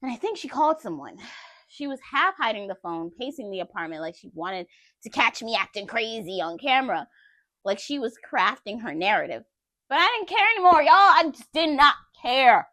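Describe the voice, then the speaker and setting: A woman's voice: fairly high pitch, sing-song, normal speed, pushed and bright, dry recording, studio quality. A woman telling a personal story to her viewers in a candid, conversational way. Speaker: vlogger.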